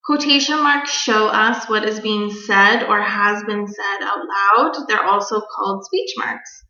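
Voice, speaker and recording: A young woman teacher giving a recorded grammar lesson, explaining clearly and patiently to children. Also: mid-range voice, unhurried, hardly any pauses, bright, forceful tone. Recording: dull echoey room recording.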